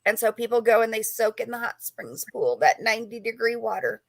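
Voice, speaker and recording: A female author and paranormal investigator rambles through a story as an interview guest, chatty and full of fillers. Her voice is on the high side, expressive and creaky, moving a little fast, captured in a dry recording.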